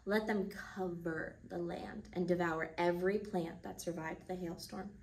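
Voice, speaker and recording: A woman voicing a divine voice that gives commands in a low, hushed, solemn way. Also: fairly even intonation, unhurried, far from the mic, a little hiss or hum.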